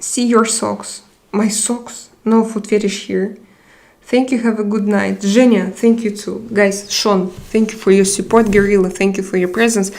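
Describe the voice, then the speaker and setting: A woman's voice: medium pitch, steady tone, moderate pace, a little mellow. A young woman hosting a casual live chat, reading viewer comments aloud and answering them. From Russia. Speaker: live stream host.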